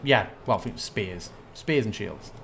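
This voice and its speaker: A man's voice: on the low side, animated, unhurried, creaky, a bit bright, slight background noise. A man narrating a tabletop game as game master, thinking aloud as he checks rules.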